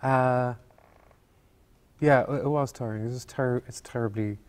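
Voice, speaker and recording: Man, mid-pitched voice, stage actor in a Q&A, hesitant and reflective storyteller. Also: fairly even intonation, darkish tone, smooth. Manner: halting, thoughtful, circles back on words. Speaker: actor as interview guest.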